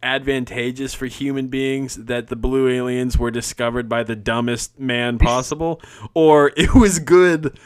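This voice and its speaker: A young man co-hosting a podcast, chatting casually and excitedly about a movie, swearing, laughing and acting out lines. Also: mid-range voice, measured pace, clean tone. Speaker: podcast co-host.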